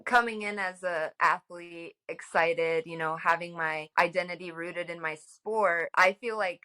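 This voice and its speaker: A woman's voice: on the low side, fairly even intonation, unhurried, pushed and bright. A woman in her thirties co-hosting a podcast, telling a personal story in an upbeat, open way. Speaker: podcast co-host, yoga instructor.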